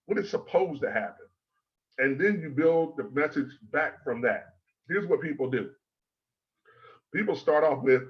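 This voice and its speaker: Measured man coaching presenters, lo-fi. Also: fairly high pitch, lively intonation. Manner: measured, emphatic, repeats key words in threes. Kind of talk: instructional talk to a speakers' club. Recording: slightly dull, lo-fi sound.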